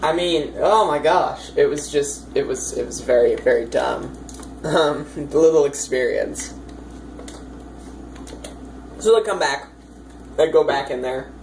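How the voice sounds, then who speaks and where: Woman game master, low voice, chatty and rambling, faint hiss on the track. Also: unhurried, creaky, long pauses, a little mellow, rough recording. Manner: chatty, rambling, many fillers, amused. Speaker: dungeon master. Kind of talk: casual storytelling of a tabletop campaign.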